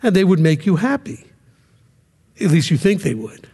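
A man's voice: on the high side, very animated, normal speed, mellow, slightly rough, long reverb tail. A man teaching a ministry class in a conversational sermon style, often checking in with "okay?" and acting out quoted voices.

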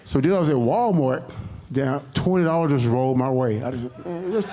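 Passionate rambling man, mellow voice. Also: medium pitch, moderate pace. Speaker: congregant sharing testimony. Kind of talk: rambling personal testimony.

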